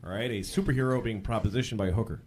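A man performing a stand-up comedy routine, telling exasperated stories and bursting into shouted acted-out lines. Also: fairly low pitch, racing, slightly rough. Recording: live club with laughing crowd.

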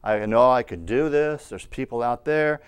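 Guy pastor preaching to a church, clear smooth voice, tells stories then gets loud with amens. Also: medium pitch, normal speed. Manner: storytelling preacher, rising to loud calls of amen. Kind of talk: sermon.

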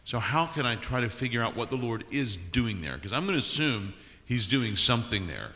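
A pastor on a conference panel, a man speaking calmly as he gives advice. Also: mid-range voice, brisk. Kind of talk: panel discussion. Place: large conference hall. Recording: reverberant conference hall.

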